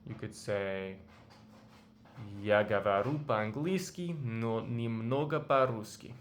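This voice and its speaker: A man teaching a language lesson, speaking slowly and patiently and repeating phrases for the learner to practice. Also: on the low side, slight background noise.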